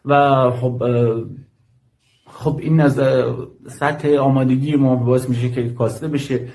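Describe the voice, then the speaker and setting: A man from Iran working in medical aid, speaking in a measured way and deliberately repeating key points in a played clip. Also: medium pitch, fairly even intonation, darkish tone, poor audio. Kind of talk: recorded statement in a played clip.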